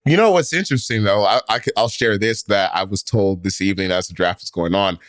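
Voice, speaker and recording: A man with a lowish voice talks briskly as co-host of a sports podcast, recorded in studio quality with no echo. He wanders casually through his ideas, constantly restarting and using lots of fillers.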